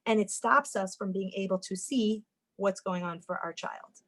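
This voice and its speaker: A woman family therapist giving a lively talk on parenting, acting out the inner voices of parents and kids, often repeating words as she goes. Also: mid-range voice, normal speed, poor audio. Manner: animated, acts out parents' and kids' inner voices; repeats words and restarts sentences when speaking.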